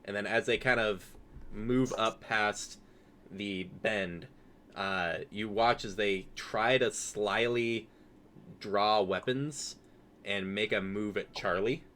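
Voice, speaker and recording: A man running a tabletop game as game master narrates loosely with lots of fillers. His voice is lowish and fairly bright, he speaks slowly, and there's a little hiss or hum.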